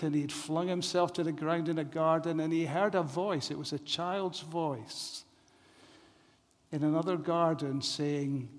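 A man preaching a sermon in a measured, deliberate way, repeating phrases for emphasis. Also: on the high side. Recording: long hall reverb.

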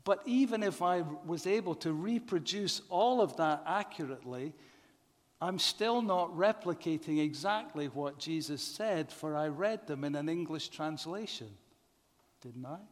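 A man preaching a sermon in a measured way, often asking the congregation rhetorical questions. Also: on the high side, animated. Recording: long reverb of a large hall.

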